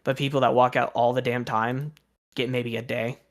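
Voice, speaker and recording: A young man talks on his stream in a loose, storytelling rant, his voice sitting at an ordinary middle pitch. He sounds exasperated and aggrieved, swearing freely as he goes. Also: flat delivery, moderate pace.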